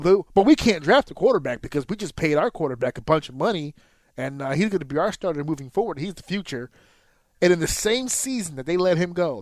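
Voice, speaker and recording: A man in his thirties co-hosting a casual podcast, telling a sports story in an animated, profane way and jumping up sharply in pitch when excited. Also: no echo. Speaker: podcast co-host.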